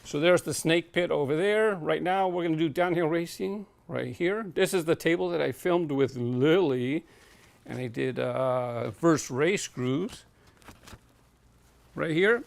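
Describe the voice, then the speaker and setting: A man with a slightly high, gravelly voice talks casually as he wanders his home warehouse, pausing often with fillers as he thinks aloud. He rambles from shelf to shelf, a little short of breath. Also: no echo. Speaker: toy car collector vlogger. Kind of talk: casual walk-through vlog.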